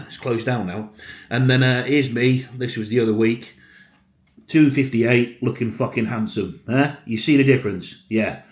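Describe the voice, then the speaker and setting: Blunt sweary bodybuilder vlogging. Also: male voice, mid-range voice. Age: around 30. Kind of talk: casual vlog talk to camera. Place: home, indoors. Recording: echoey room.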